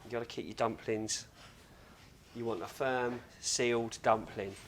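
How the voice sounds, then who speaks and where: A man's voice: mid-range voice, steady tone, measured pace, a little hiss or hum. A man hosting a casual cooking demonstration in a home kitchen, chatty and joking with self-mocking asides. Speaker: cooking show host.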